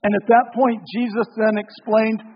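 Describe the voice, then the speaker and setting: A male pastor preaching a sermon in a church, telling stories in a relaxed conversational way with touches of humor. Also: high voice, moderate pace, a little hiss or hum. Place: church sanctuary. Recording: dull lo-fi recording with long hall reverb.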